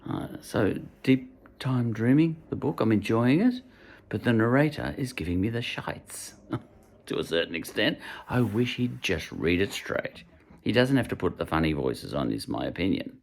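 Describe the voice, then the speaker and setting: A man's voice: on the low side, animated, normal speed, vocal fry. An Irish man giving a casual spoken book review, rambling and hesitant as he searches for his words. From Ireland.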